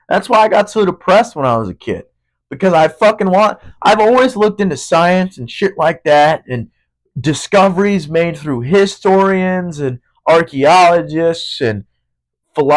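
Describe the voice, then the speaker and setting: Profane, rambling high-voiced young man. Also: rough recording. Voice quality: voice cracking. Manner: profane, rambling, searching for words. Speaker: podcast host. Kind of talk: casual monologue.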